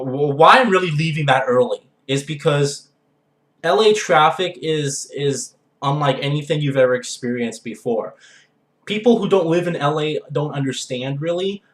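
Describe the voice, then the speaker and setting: A young man talks through his plans in a loose, rambling vlog style and keeps tacking "all right?" onto his points. His pitch sits in the middle for a man. The room around him is bare and echoey. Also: a bit bright. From Los Angeles area. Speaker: gaming vlogger. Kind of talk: casual vlog talk.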